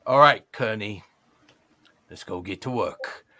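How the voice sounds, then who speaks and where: A man's voice: fairly low pitch, takes it slowly, pushed and bright, voice pushed down. A man voicing a weary, friendly male half-ogre mercenary who drawls and calls people mate. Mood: gruff.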